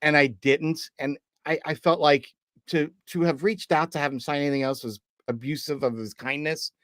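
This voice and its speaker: A man's voice: fairly high pitch, moderate pace, no echo, clean studio sound. A man co-hosting a podcast, telling a personal story in casual chat and acting out the remembered dialogue as he goes. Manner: lively storyteller who acts out remembered dialogue. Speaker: podcast co-host.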